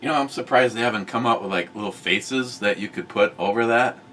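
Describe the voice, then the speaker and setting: A middle-aged man hosting a casual talk show, blunt and profane, swinging from muttered asides to loud outbursts. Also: lowish voice, a little fast, distant mic, a little hiss or hum. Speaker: host of a review show.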